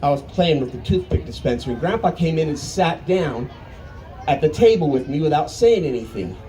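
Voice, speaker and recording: Man in his fifties, folksy storyteller with a mellow, fairly high voice, lively with dramatic pauses. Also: low-quality recording. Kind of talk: live storytelling. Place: arts festival stage.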